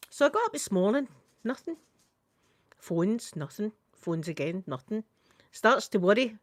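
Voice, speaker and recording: A woman's voice: medium pitch, sing-song, measured pace, pauses often, dry recording. A middle-aged Scottish woman chats away to her live stream, her words tumbling out with plenty of local turns of phrase. Her voice sits in a middle register and sounds close and dry, with no room around it. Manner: chatty, tumbling, full of local idiom. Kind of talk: casual storytelling chat.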